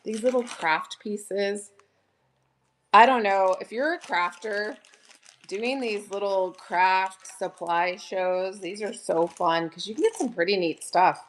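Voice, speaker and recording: A woman hosting a casual live sale from home, chatting warmly and gushing over each item. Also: mid-range voice, takes it slowly, slight background noise. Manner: chatty, gushing, addresses viewers as "you guys". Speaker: online live-sale seller. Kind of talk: casual live-stream selling chat.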